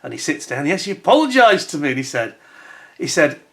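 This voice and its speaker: A man's voice: fairly high pitch, very animated, brisk. Chatty middle-aged man telling business stories. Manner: chatty, repeats "he said", acts out quoted dialogue; self-assured, conversational asides. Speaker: channel host giving business advice. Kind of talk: casual anecdotal storytelling to camera.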